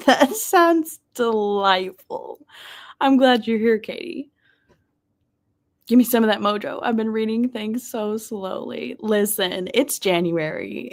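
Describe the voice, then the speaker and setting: A bubbly woman chats at a desk mic as she hosts a live reading stream, her voice swinging widely between high and low. She laughs easily, speaks warmly to viewers, and now and then slips into a soft whisper. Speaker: livestream host of reading sprints. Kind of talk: casual livestream chat, reading chat messages aloud.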